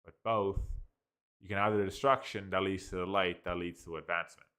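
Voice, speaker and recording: A man's voice: low-pitched, fairly even intonation, a little fast, pushed and bright, clear, resonant tone. A man hosting a casual review, rambling with many restarts and filler words and sounding amused. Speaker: host reviewing an AI story app. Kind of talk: casual commentary.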